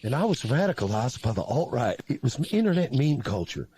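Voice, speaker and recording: A man's voice: medium pitch, very animated, fairly quick, warm tone, close to an everyday voice. A man voicing a mock-earnest male streamer who claims he has reformed his views, in a preachy parody style. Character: reformed ex-alt-right male streamer, folksy Southern drawl. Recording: faint background noise.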